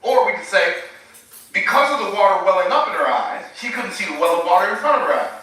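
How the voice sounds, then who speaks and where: A man preaching with emphatic, searching questions aimed at his viewers. His voice is bright and a little high, and it rings through a very echoey room while he stands well back from the mic. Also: expressive, fast, distant mic. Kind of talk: live-streamed sermon.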